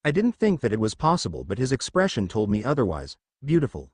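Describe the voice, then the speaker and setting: A man narrating first-person fan fiction in an even, steady storytelling voice. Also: lowish voice, fast talker, breathy edge, dry recording.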